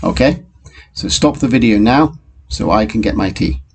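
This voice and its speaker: A man teaching a recorded phonics lesson to young children, in a slow and patient way, talking straight to the pupils. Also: fairly low pitch, animated, creaky, husky. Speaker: primary school teacher.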